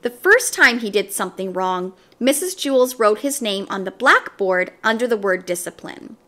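A woman reading a children's storybook aloud in a gentle, expressive storytelling manner. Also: medium pitch, normal speed. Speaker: story reader.

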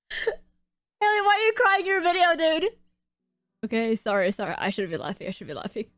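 A young woman streaming her game pulls, excitable, gasping and shrieking as she reacts to her chat. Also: very high-pitched, normal speed, pauses often, no room sound, clean studio sound. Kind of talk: live-stream gacha reactions.

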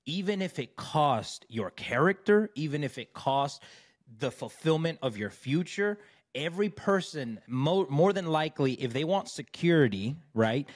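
A man's voice: a little high, lively intonation, moderate pace. A man on a podcast as a divorce recovery coach, telling his own story in an emphatic, faith-driven way and often checking in with "right?". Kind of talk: conversational storytelling.

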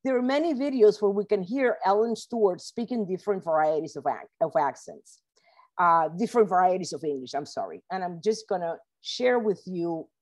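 A woman professor reads her academic talk in a measured, careful way, her voice sitting slightly low. Now and then she stops to correct herself mid-phrase. She is heard over a video call. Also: animated, darkish tone. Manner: measured reading with occasional self-corrections. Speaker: professor giving a book talk. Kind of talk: academic lecture read from a script.

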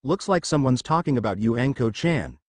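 A man's voice: medium pitch, lively intonation, normal speed, a little mellow, dry recording, clean studio sound, lightly acted. A man doing a wry teasing young ninja woman. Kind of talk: storybook reading.

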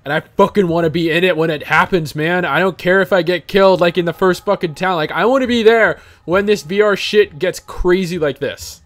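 A man hosting a gameplay video, talking in casual, excitable commentary and swearing freely. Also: high-pitched, brisk, few pauses, dry recording. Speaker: gaming video host.

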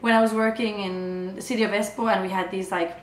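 A woman's voice: mid-range voice, fairly even intonation, fast talker. A young woman vlogging about her travels in a casual, chatty way, peppered with filler words. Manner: chatty, many filler "like"s, acts out quoted dialogue. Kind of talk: casual chat. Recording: echoey room.

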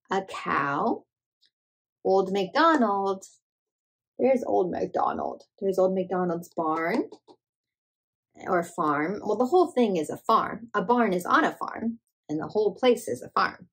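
A woman hosting a children's show, talking gently and slowly to toddlers and singing nursery songs as she plays. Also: mid-range voice, animated, husky. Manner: gentle, slow, sing-song, talks to the child directly.

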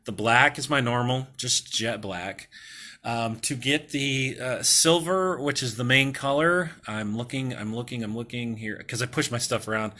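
A man's voice: medium pitch, measured pace, bright, forceful tone. A man casually talking through his hobby work, rambling with many fillers and self-corrections. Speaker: toy customizer.

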